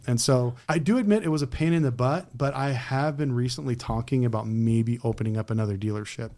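In an interview conversation set in Las Vegas, a man who used to sell cars speaks bluntly, his medium-pitched voice moving a little fast with few pauses. He tells animated stories, acting out his exchanges with customers.

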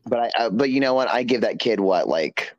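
A man's voice: medium pitch, fairly quick, no echo, lo-fi sound. Guy gabbing in an interview, sassy storytelling, dry close mic. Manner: sassy storytelling, animated quoting. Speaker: guest. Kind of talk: casual chat.

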